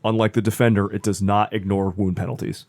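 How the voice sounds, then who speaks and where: Low-voiced man narrating a horror game. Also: flat delivery, darkish tone, slight background noise. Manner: slow, deliberate scene-setting. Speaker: storyteller.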